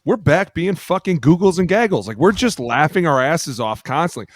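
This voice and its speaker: A man's voice: medium pitch, no echo. A man, a podcast co-host and former pro lineman, talking brashly and swearing freely in casual chat. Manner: brash, profane, laughing asides.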